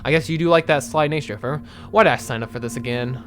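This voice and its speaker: A young man doing casual let's-play commentary, animated and rambling, swearing often as he talks. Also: medium pitch, quick pace, faint music behind. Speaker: gaming video creator.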